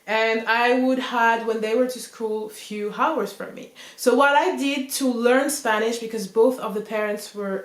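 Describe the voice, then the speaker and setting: A woman's voice: a little high, fairly even intonation, unhurried, hardly any pauses. A woman, telling a personal story in English in a casual, rambling way full of "like" and "you know". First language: French. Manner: chatty, rambling, heavy use of "like" and "you know". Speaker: vlogger. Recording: roomy echoey room.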